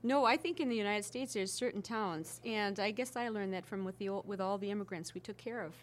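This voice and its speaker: Here an older Iron Range woman chats her way through stories with a mid-range voice, talking a little fast over a faint hiss or hum. She's being interviewed for a relaxed oral history and keeps restarting as she animatedly recounts anecdotes.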